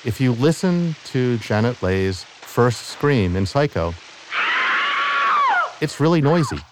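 A middle-aged man, a professor of ecology and evolutionary biology, explaining his research in a measured, academic way in an interview clip. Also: mid-range voice, big pitch swings, a little mellow, a little hiss or hum. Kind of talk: interview clip in a narrated podcast.

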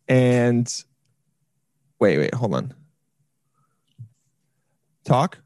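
Dude hosting a podcast over zoom, rambly and jokey, dry close sound. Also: male voice, medium pitch, expressive, moderate pace, darkish tone, dry recording. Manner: rambling, joking, trails off and restarts. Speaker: podcast host. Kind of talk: casual chat over video call. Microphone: headphones on a video call.

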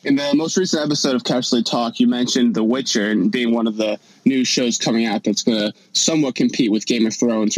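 A man's voice: medium pitch, no echo, poor audio. A man leaving a recorded question for a podcast, earnest and a little meandering. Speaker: listener caller. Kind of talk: recorded voice message.

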